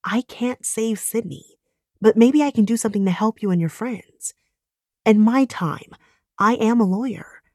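A woman voicing an earnest young woman pleading with a friend, emphatic and raised a little in pitch. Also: measured pace, mellow, no room sound, clean studio sound.

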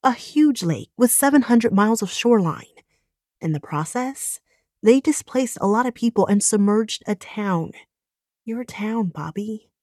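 A woman voicing an earnest young woman pleading with a friend, emphatic and raised a little in pitch. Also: lively intonation, unhurried, a little mellow, no echo, studio quality.

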